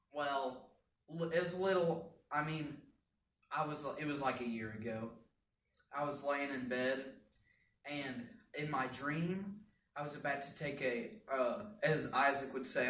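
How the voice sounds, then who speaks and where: A man's voice: medium pitch, a bit bright, slight background noise. A young man hosting a casual solo podcast from a home basement, goofy, rambling and poking fun at himself. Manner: goofy, self-mocking and rambling. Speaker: podcast host. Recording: echoey room, mic a bit far.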